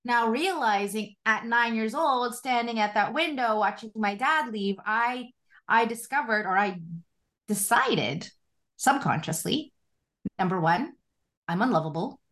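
A woman in her forties, a spiritual life coach, telling a personal story in a casual interview with animated, expressive delivery and frequent laughter. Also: fairly high pitch, a little slow.

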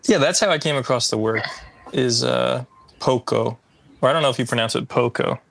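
A man's voice: medium pitch, fast, gravelly, a bit bright. A man hosting an arts podcast, asking questions in an easygoing, slightly rambling way. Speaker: podcast host. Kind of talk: casual interview questions.

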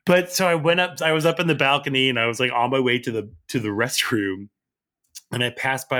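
A middle-aged man chatting casually as a podcast host, an animated storyteller who acts out quotes with big jumps in his voice. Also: medium pitch, quick pace. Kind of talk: casual chat.

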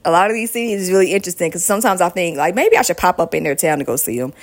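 A woman's voice: lowish voice, expressive, racing. A woman hosting a podcast, casually reading out a long list of towns with friendly asides. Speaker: podcast host.

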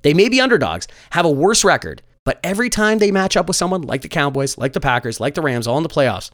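A man giving scripted football commentary with wry joking asides and a playful, animated delivery. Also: on the high side, fast talker, no echo, clean studio sound.

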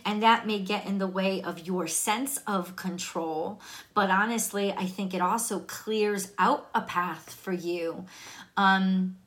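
A woman's voice: mid-range voice, slow, a bit bright. Chatty woman reading tarot. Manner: chatty, laughs, restarts often. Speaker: tarot reader.

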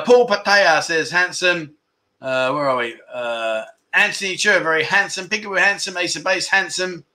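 A man hosting a livestream chat show, reading out viewer comments in a jokey, teasing way with animated outbursts. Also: high voice.

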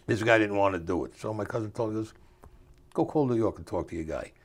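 An older man recounts a story during an interview, his voice lowish and his pace quick. His style is streetwise and grammatically rough, and he voices each person he quotes.

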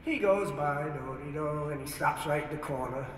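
A man giving a personal testimony, telling his story in an animated way and acting out the voices in it. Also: on the high side, moderate pace, slight background noise. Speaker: testimony speaker in a played video. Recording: video played in an echoey hall, heard from far off.

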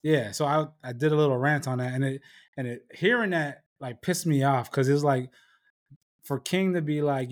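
Profane, animated storytelling man. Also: mid-range voice, moderate pace. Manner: profane storyteller who acts out quoted voices. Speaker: podcast host. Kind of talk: casual chat.

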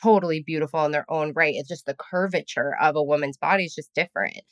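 Chatty woman host, low-pitched, dry recording. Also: fast talker, dry recording. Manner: chatty, laughs often, acts out quotes. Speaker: podcast host. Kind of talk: casual interview chat. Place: room in New York with street noise outside.

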